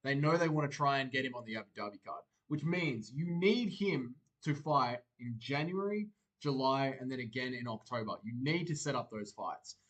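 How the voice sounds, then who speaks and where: A young man hosting a livestream, reading viewers' comments aloud and answering them in a relaxed, chatty way. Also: medium pitch, normal speed, hardly any pauses. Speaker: livestream host. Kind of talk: casual chat reacting to live chat.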